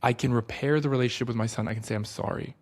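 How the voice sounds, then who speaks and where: Thirties male host, mid-pitched, earnest and reflective, casual and unscripted. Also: steady tone. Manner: earnest and reflective, slowing for emphasis; casual fillers and restarts. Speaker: book study host. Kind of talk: reflective spoken talk.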